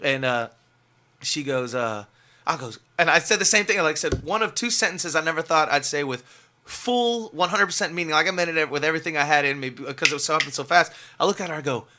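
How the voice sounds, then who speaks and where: Fast, bright-voiced man telling a story. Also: fairly high pitch, a little hiss or hum. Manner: animated, laughing retelling with lots of fillers. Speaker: guest musician. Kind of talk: casual storytelling.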